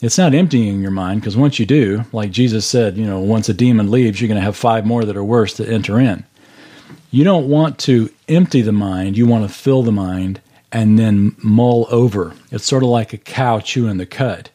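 Guy with a warm relaxed voice walking a bible class thru the verses, earnest, says things twice. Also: lowish voice, moderate pace. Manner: earnest, explains verse by verse with repetition. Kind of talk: Bible study teaching. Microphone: video call.

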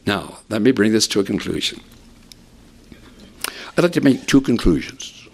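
A man delivers a sermon in a low, gravelly voice. He climbs sharply for emphasis and then sinks to near whispers. He restarts phrases and repeats words as he presses his points. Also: normal speed. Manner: animated preaching, rising for emphasis, dropping to a hush. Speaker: preacher.

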